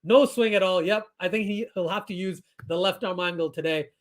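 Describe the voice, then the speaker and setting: A man's voice: high-pitched, a little fast. A young man hosting a live cricket watchalong, giving casual commentary and reading out viewer comments in a chatty way. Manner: chatty, reads viewer comments aloud, bursts into excited shouts.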